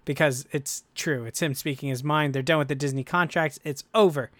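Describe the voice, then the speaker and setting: A man hosting a casual podcast discussion, animated and chatty, breaking into playful voices when quoting others. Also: a little high, fairly quick, no room sound. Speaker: podcast host.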